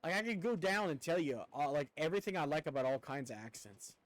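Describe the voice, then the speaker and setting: Expressive and fast, with a voice on the high side, a young streamer chats with viewers over a game, rambling and swearing at times in a slight rural Southern twang. The recording is dry and low in quality.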